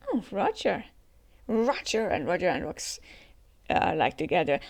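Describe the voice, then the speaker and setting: Gravelly, chatty woman reacting to a comic. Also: lowish voice, big pitch swings, a little slow, long pauses. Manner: chatty, laughs often. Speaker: manga reaction host. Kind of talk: reading a comic aloud with reactions.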